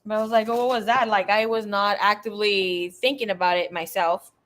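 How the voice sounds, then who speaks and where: Woman tarot reader, casual storytelling, animated, laughing, swearing, acts out quotes. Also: mid-range voice, fairly quick.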